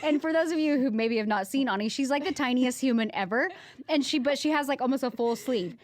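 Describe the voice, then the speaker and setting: A woman's voice: high voice, fairly quick. A woman in her thirties co-hosting a podcast, chatting and playfully teasing her co-host in a podcast room. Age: 30s. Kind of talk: casual chat.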